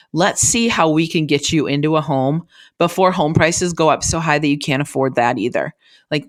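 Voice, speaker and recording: A woman's voice: low-pitched, fairly bright tone. Chatty, earnest woman host. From Minnesota. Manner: chatty, earnest and encouraging, with many "like"s and restarts. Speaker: podcast host and real estate agent. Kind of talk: casual solo podcast talk.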